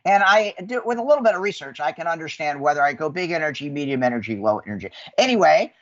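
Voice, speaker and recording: A man coaching on sales calls with high energy, acting out phone greetings in quoted voices. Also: big pitch swings, quick pace, fairly bright tone, no room sound. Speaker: sales guest. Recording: dull lo-fi sound.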